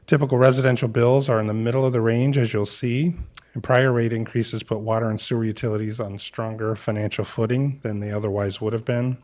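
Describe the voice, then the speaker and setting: A city staff member presenting to a council meeting, speaking in a measured way with frequent "uh" fillers. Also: male voice, medium pitch, fairly even intonation, a little mellow. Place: council chamber.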